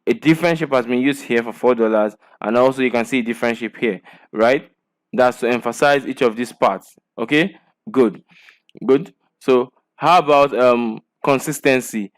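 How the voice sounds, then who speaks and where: A man's voice: medium pitch, moderate pace. A man teaching a design lesson, walking through example designs point by point and checking in with "okay" and "right" after each point. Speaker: design instructor. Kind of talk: screen-share design lesson.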